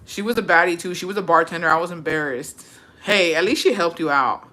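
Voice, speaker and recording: A woman chats casually on a livestream and reads out viewer comments. Her bright, sharp-edged voice carries brash, profane storytelling, and she mixes English with Spanish as she goes. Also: on the low side, fairly quick. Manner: switches between English and Spanish. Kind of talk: casual chat.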